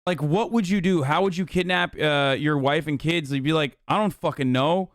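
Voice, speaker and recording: A man's voice: fairly high pitch, normal speed, no echo, studio quality. A man streaming, giving casual, profane, incredulous commentary on a video. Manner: profane, incredulous, animated rants. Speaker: streamer reacting to a documentary.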